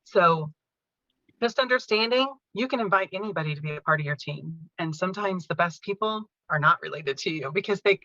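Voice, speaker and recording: Bright-toned woman, earnest gentle storyteller. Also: lowish voice, no echo, lo-fi sound. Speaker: podcast guest, caregiving author. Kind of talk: personal storytelling in an interview.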